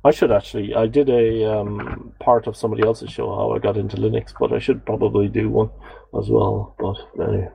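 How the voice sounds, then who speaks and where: Deep gravelly man in casual chat. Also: flat delivery, fairly quick, dark tone, poor audio. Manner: rambling, self-deprecating, many fillers. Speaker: podcast co-host. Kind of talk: casual chat reading listener comments.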